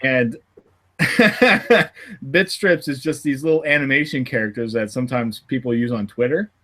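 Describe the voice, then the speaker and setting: A man's voice: mid-range voice, unhurried, pushed and bright. A man hosting a podcast in casual chat, laughing often and rambling with restarts. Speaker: podcast host.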